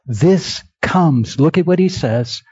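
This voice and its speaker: A man preaching a sermon, swinging from hushed near-whispers to raised, emphatic cries. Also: a little high, lively intonation, takes it slowly, breathy edge, no room sound. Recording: dull lo-fi dry sound.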